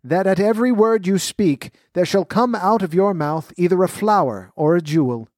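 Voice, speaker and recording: A man voicing a calm, stately fairy who speaks without anger. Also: sits high, moderate pace, no room sound, clean studio sound, pitched above the performer's own voice, lightly acted. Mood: solemn.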